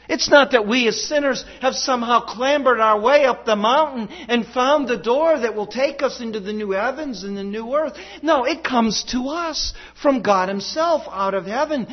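A man preaching a sermon as pastor, emphatic and rhetorical, swinging between loud declarations and hushed passages. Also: very high voice, highs cut off.

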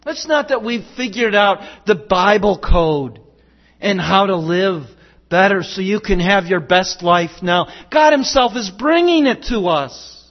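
A man preaching a sermon as pastor, emphatic and rhetorical, swinging between loud declarations and hushed passages. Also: sits high, lively intonation, measured pace, highs cut off.

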